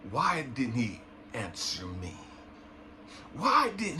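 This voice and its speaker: A middle-aged man giving an impassioned motivational monologue, swinging from hushed talk to raw, pleading shouts. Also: medium pitch, huge pitch swings, unhurried, background noise. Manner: emotional, swearing, pleading. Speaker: inspirational speaker.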